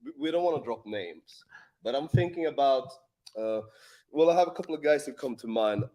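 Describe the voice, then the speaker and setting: Relaxed, blunt male co-host. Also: mid-range voice, brisk. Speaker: dating coach and co-host. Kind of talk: casual podcast chat.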